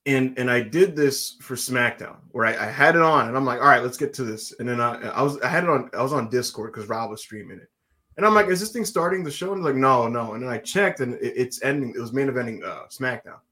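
A man hosting a wrestling podcast, telling a story in casual chat, animated and swearing, his voice climbing high and loud when he gets excited. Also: quick pace. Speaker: podcast host.

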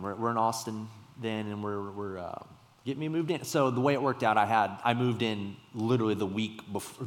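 A young adult man preaching a sermon, telling a personal story in a conversational way with sudden emphatic bursts. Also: mid-range voice. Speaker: pastor. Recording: long hall reverb.

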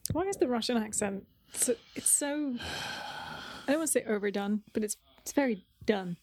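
A woman's voice: a little high, lively intonation, moderate pace, darkish tone. A woman co-hosting a casual movie watchalong, chatty and amused as she reacts to the film. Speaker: podcast co-host.

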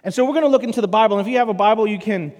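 A man's voice: sits high, very fast. A man preaching a sermon as pastor, telling stories and acting out the dialogue in them. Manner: animated storytelling, acts out dialogue. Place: church auditorium. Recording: long hall reverb.

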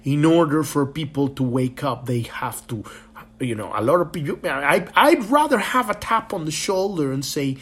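A man hosting a spiritual podcast speaks at normal speed in an animated voice on the high side, a bit bright and slightly rough. His monologue is passionate and rambling, impassioned and full of swearing.

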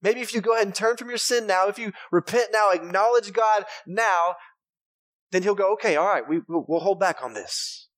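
A man's voice: sits high, normal speed, a bit bright. A male pastor voicing a blunt prophet who tells a king bad news in a teasing, casual way. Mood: pleading.

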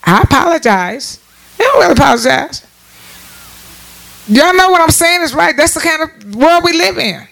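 Older lady in her 60s preaching casual, repeats herself a lot, voice pops up high on the big points. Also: expressive, moderate pace, gravelly, pauses often, a bit bright. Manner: emphatic, repeats words and restarts, voice jumps up on key points. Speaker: church speaker addressing viewers.

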